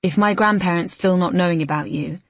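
Lady doing a worried uptight lawyer woman, clipped and a bit low, breathy. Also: fairly quick, no room sound. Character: anxious, blunt young woman lawyer.

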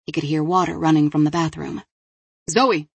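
A woman reading an audiobook as narrator, with measured, even storytelling. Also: low voice, vocal fry, breathy edge, no echo. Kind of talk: scripted narration.

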